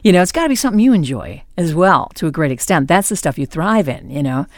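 A woman with a low voice talks quickly, recorded with no room sound. She's a podcast host telling an anecdote, laughing as she goes and acting out the quotes of the people involved like a lively storyteller.

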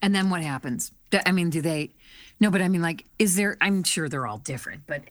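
A woman's voice: on the low side, fairly quick, dry recording. A woman hosting an interview, asking chatty, curious questions. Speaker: host. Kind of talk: casual interview.

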